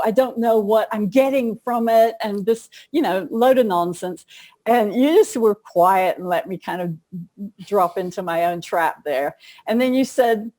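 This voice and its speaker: A middle-aged woman author and coach speaks in a warm, mellow voice. She tells her stories in a chatty, easygoing way. Her pitch sits in the middle of the usual range. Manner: chatty storyteller, laughs often. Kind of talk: casual interview conversation.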